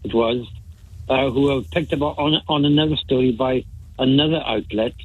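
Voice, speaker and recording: A man calling in to a talk show, talking haltingly with many restarts. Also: mid-range voice, husky, no room sound. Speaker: caller. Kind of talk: phone-in chat. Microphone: phone. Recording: tinny phone line.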